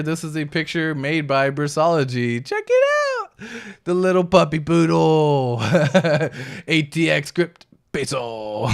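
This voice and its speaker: A man with a clean, medium-pitched voice hosts a relaxed crypto livestream. He reads viewer comments out loud in laid-back slang, chuckling often.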